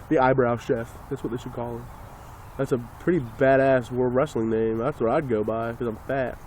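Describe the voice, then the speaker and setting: A man's voice: medium pitch, steady tone, normal speed, a little mellow, a little hiss or hum. Profane rambling man ranting into a phone. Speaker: vlogger. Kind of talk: casual ranting monologue.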